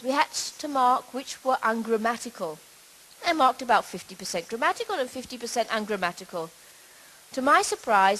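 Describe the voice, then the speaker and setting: Measured woman lecturing. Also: fairly high pitch, fairly bright tone, poor audio. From Britain. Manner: measured, explanatory, with occasional restarts. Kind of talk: conference talk on language.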